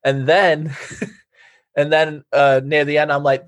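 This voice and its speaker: A man's voice: fairly high pitch, normal speed. A man from England chats about life on tour. He tells his stories with animation and acts out what people said along the way. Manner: animated storyteller who acts out quotes. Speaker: band vocalist. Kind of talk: casual podcast chat.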